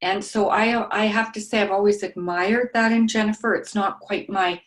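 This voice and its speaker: A woman sharing in a study group, soft-spoken and halting, with frequent pauses and ums. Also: medium pitch, steady tone. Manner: describes herself as meek and mild.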